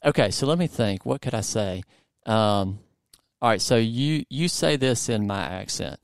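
Man, southern us accent, podcast host, low smooth voice, dry close sound, chatty and rambling. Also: animated, measured pace, dry recording. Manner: rambling, filler-heavy, lots of "like". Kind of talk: casual conversational interview.

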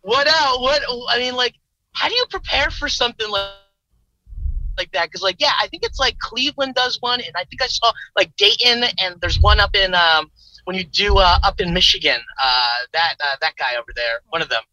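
High, bright-voiced rambling man. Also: animated, normal speed, lo-fi sound. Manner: rambling, filler-heavy questions. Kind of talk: casual chat.

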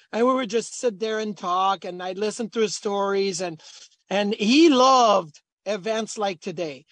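A middle-aged man, a former hockey player, co-hosting a sports talk show and telling lively stories. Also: high voice, no room sound. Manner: animated storyteller, acts out quotes.

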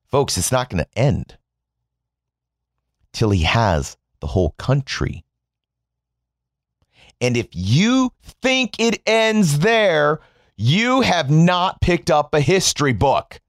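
A man's voice: a little high, huge pitch swings, slow pace, pauses often, dry recording, clean studio sound. Sarcastic man ranting. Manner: mocking, sarcastic, emphatic swings in tone; swears freely. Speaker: commentator. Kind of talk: sarcastic political rant.

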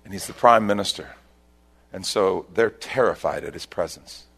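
A male pastor preaching a sermon, telling a scripture story with loud bursts and hushed asides. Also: low voice, moderate pace, gravelly, husky. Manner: animated storytelling, swings between loud bursts and hushed lines.

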